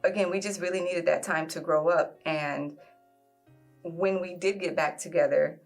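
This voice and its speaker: A woman in her forties telling a personal love story in a reflective way, often pausing with "um". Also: on the low side, steady tone, soft background music. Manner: reflective, fills pauses with "um". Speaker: guest sharing a love story.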